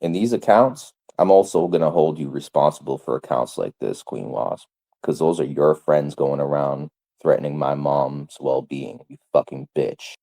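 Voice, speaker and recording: Very deep-voiced man in a profane rant. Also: gravelly, dark tone. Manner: angry, profane, repeats insults. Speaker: livestreamer. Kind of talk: livestream rant.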